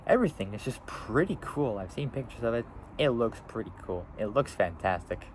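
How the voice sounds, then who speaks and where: A man's voice: mid-range voice, lively intonation, a little fast, darkish tone, slight background noise, rough recording. A seventeen-year-old boy vlogging outdoors, rambling casually with lots of fillers and restarts. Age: teens. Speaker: YouTuber. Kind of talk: casual vlog.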